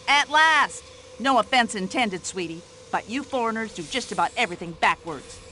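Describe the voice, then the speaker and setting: Brassy older American widow, game role, bright lively nagging voice. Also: female voice, fairly high pitch, moderate pace, slight background noise. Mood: indignant. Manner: indignant, nosy, fussy complaining chatter. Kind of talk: video game voice acting.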